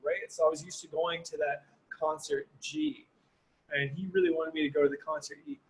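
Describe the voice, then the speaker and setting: Husky-voiced man musing on his playing. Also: fairly high pitch, lively intonation, moderate pace, low-quality recording. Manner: thoughtful, uses many fillers like "you know" and "like". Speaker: guest orchestral horn player. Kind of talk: reflective conversational answers.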